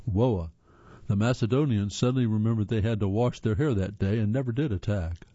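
A man's voice: fairly low pitch, moderate pace, dark tone, dry recording, lo-fi sound. A man reading a scripted trivia narration in a wry, playful way, tripping over words now and then.

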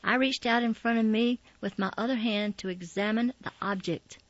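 A woman reads a first-person memoir in a calm, steady storytelling voice. Her voice sits fairly high. The recording is dry and slightly dull. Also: normal speed, no echo. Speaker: narrator. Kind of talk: memoir audiobook reading.

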